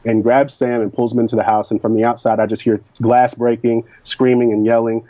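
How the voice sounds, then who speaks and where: A man's voice: medium pitch, level tone, brisk, warm tone, dry recording. A man from Kentucky who frankly recounts his personal experiences as an interview guest, recorded in a dull lo-fi sound. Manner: candid and frank.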